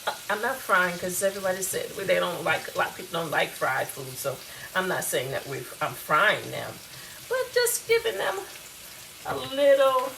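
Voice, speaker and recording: A woman's voice: fairly low pitch, a little hiss or hum, poor audio. A woman hosts a casual home cooking demonstration, chatting in a folksy way straight to her viewers. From US South. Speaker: cooking show host. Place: home kitchen. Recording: loud frying sizzle behind voice. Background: food sizzling in a frying pan.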